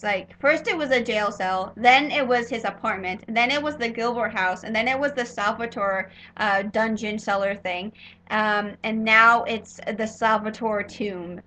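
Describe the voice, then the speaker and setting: A young woman's bright, fairly high voice tumbles through a fan review of a TV episode, full of filler words and restarts. She gushes and rambles rather than reads. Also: unhurried, slight background noise, poor audio. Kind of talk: casual spoiler review monologue.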